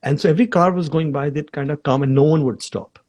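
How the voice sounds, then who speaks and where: A man's voice: fairly high pitch, fast, a little mellow, no echo. A man, a guest in a live video chat, telling an anecdote casually with fillers and restarts. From India. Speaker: guest actor. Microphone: video call.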